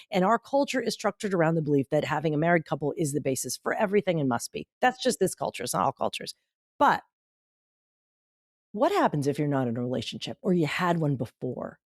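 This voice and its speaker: A woman's voice: lowish voice, dry recording, clean studio sound. A middle-aged woman, a guest author and speaker, chatting casually on a podcast and acting out bits of dialogue as she tells stories. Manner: animated storyteller who acts out quoted dialogue.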